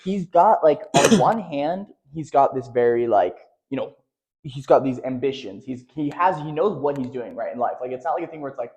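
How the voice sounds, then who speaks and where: A man's voice: mid-range voice, animated, moderate pace, a little mellow. A young man co-hosting a podcast, rambling loosely and dropping "like" and "okay" often. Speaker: podcast co-host. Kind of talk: casual chat.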